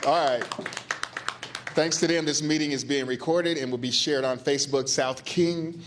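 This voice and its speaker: A man's voice: a little high, fairly even intonation, normal speed. A man hosting a business luncheon, giving chatty welcoming remarks and repeating words for emphasis. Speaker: business engagement manager, event host. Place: meeting room at a luncheon.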